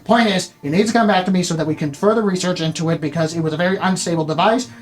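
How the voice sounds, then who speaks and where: A game master voicing a fussy male archivist wizard with a nasal voice, rushing through a long magical message in bureaucratic rambling. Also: medium pitch, soft background music, lightly acted. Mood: insistent. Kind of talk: tabletop role-play voice.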